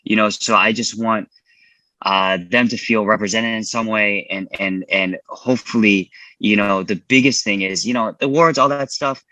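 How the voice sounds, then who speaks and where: A man's voice: lowish voice, steady tone, normal speed, pushed and bright, no room sound, poor audio. A man from California, a filmmaker guest answering interview questions casually and earnestly, often repeating words and filling with "you know".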